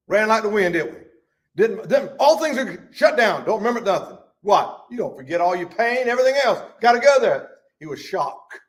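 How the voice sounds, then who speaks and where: A pastor teaching a Bible study. His voice sits fairly high for a man, and he swings from near-shouted bursts to low, quiet asides as he reads verses and turns to the congregation. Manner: animated, rises to shouts and drops low.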